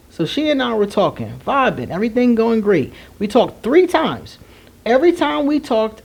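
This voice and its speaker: A woman in her forties talking candidly to viewers, animated and laughing, with slangy asides. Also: fairly high pitch, normal speed, creaky, slightly rough. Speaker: astrology vlogger. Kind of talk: candid storytelling chat to viewers.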